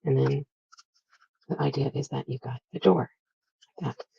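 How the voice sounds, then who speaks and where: A woman's voice: very deep voice, steady tone, normal speed, vocal fry, warm tone, slightly rough, dry recording, highs cut off. A woman vlogger chatting casually as she walks through a crafting project step by step, with frequent fillers.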